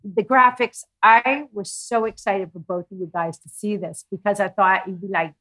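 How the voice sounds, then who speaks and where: A middle-aged woman guest on a podcast, speaking in a meandering, animated way about her show. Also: mid-range voice, normal speed, low-quality recording. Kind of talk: casual podcast interview.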